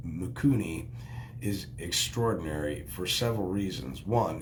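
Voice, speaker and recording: A man's voice: low voice, noisy background. A man reading legal passages and case citations aloud, often stumbling and restarting over names.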